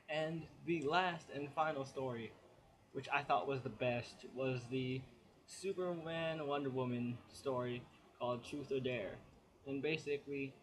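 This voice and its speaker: A man's voice: mid-range voice, a bit bright, a little hiss or hum. A man giving a casual spoken comic book review, chatty and rambling as he retells the plot.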